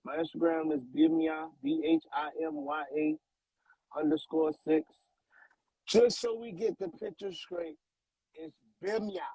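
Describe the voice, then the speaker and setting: A man's voice: very high-pitched, sing-song, a little slow, gravelly, mellow, slightly rough, dry recording, poor audio. A man, a guest artist on a radio show, talking in a laid-back, slangy way and often repeating himself. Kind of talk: casual radio interview chat.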